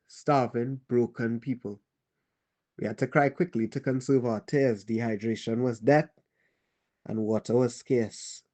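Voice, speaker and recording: A man's voice: medium pitch, warm tone, natural voice. A man playing a weary Trinidadian war survivor. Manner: halting, grave, pauses and restarts. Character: weary male survivor telling a child of war. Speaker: storyteller. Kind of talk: dramatic monologue.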